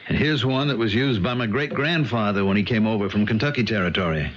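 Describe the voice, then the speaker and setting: An actor playing a haunted former convict tormented by a lost memory, in a 1970s radio drama. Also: male voice, fairly low pitch, fast, lightly acted. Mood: relaxed. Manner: anguished, shouting. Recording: dull old radio broadcast.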